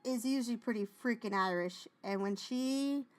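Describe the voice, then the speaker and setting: A woman's voice: on the high side, normal speed. A young woman co-hosting a podcast, chatting casually and sarcastically, often laughing. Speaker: podcast co-host. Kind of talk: casual chat.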